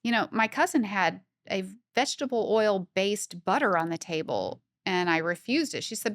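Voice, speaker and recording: A woman guest on a podcast, telling stories in a brisk, opinionated way during casual chat. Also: mid-range voice, lively intonation, no echo, studio quality.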